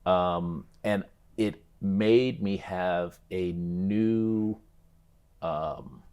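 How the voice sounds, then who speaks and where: A man in his fifties, an interview guest, telling his stories in a thoughtful conversational way, with frequent restarts and bursts of speed when he gets animated. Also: sits low, drawn-out words, smooth. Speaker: interview guest, former basketball player. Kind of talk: reflective conversational storytelling.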